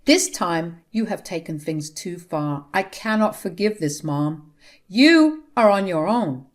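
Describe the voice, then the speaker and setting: A woman's voice: lowish voice, animated, takes it slowly. A woman voicing an exasperated grown son scolding his mother. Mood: angry. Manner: angry, scolding.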